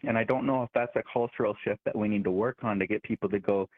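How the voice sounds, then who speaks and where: A man calling in to a talk radio show, earnest and self-deprecating, with halting restarts. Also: fairly low pitch, fairly even intonation, no echo. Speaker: caller. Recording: phone line.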